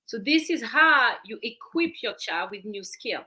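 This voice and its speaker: On a talk show, a parenting coach with a French accent breaks down her method in steps, circling back to the same phrases. She has a somewhat high voice with a sharp tone, lively intonation, and a measured pace.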